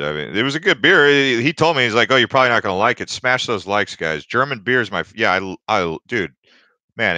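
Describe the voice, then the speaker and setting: On his casual crypto livestream, a young male host rambles chattily through stories and comments from viewers, often restarting and using fillers. His voice is fairly low with a sharp tone, and there's no echo.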